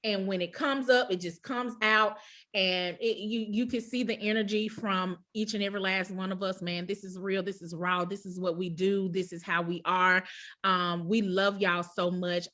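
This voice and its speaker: A woman's voice: mid-range voice, steady tone, normal speed, pushed and bright. A woman hosting a live stream, talking effusively and closing with preacherly blessings over a video call. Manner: effusive, preacherly, says y'all. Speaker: host.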